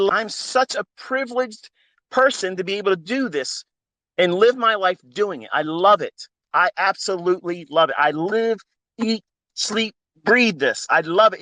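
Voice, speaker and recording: High-pitched and bright with a forceful tone, a middle-aged man preaches passionately into his phone as a trading mentor, mixing faith and casual swearing. The recording is dry.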